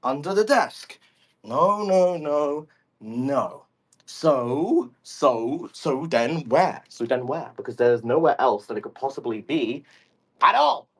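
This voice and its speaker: A man's voice: mid-range voice, animated, slow, breathy edge. A man streaming live, talking into a phone microphone from a step away in his room at home, rambling in exasperated, baffled bursts and swearing. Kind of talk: casual live audio chat.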